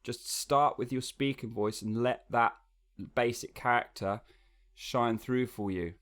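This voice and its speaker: A man giving a relaxed, conversational singing lesson, explaining as he goes with frequent fillers and restarts. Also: medium pitch, measured pace. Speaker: singing coach.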